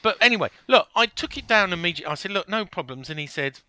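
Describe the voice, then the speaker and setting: A man hosting a casual football podcast, telling stories in an animated, defensive way. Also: sits high, fast, no echo. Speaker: podcast host.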